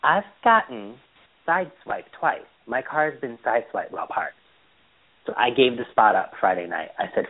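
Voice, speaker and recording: A man chatting casually as a podcast co-host, telling animated stories about his weekend. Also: medium pitch, normal speed. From Boston area. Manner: chatty storyteller, animated retellings. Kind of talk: casual chat. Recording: tinny phone-line audio.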